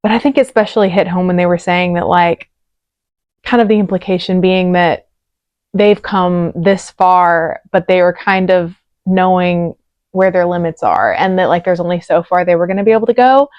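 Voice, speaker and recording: Close-miked with no room sound and dull audio, this reaction-video host talks at normal speed in a lowish voice. She's chatty and gushing, full of "like" fillers, and audibly emotional and choked up.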